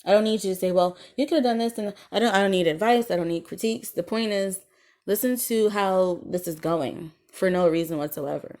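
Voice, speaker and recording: A woman talks alone on her podcast in a slightly low voice, airing grievances in a loose, indignant rant. She rambles, stops for frequent ums and restarts, and swears freely as she goes. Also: fairly quick, darkish tone. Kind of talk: casual solo podcast monologue.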